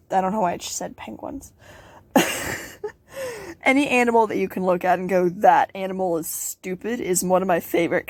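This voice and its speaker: A woman's voice: mid-range voice, darkish tone, no room sound. A teenage girl hosting a casual question-and-answer vlog, bubbly and giggly, rambling with playful asides. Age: teens. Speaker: channel host.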